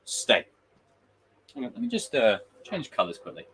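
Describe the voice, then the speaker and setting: Blunt, animated man hosting a stream. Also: medium pitch, vocal fry, slightly rough. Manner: blunt, opinionated, profane; rambling with quick voiced impressions. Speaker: livestream host. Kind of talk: casual film commentary.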